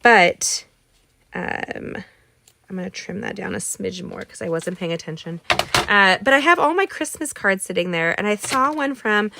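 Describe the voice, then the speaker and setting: A woman's voice: mid-range voice, normal speed, gravelly, bright, forceful tone, a little hiss or hum. A middle-aged woman hosts a live card-making class in a bubbly, rambling way. She chats to viewers, gasps and exclaims over her supplies, and talks through each step. Under the chatter she sounds a little tired. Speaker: card-making livestream host. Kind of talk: chatty live crafting tutorial.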